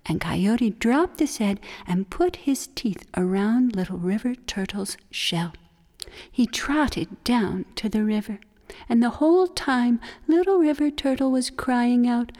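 Expressive woman storyteller, hushed and lilting. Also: a little high, unhurried. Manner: expressive, hushed, often breathy whispers. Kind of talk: told folk tale for children. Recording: long hall reverb.

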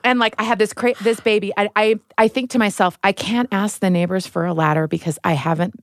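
A woman in her thirties hosting a casual chat, an animated storyteller who acts out the voices in her quotes. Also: medium pitch, fairly quick, no room sound, clean studio sound. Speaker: podcast host.

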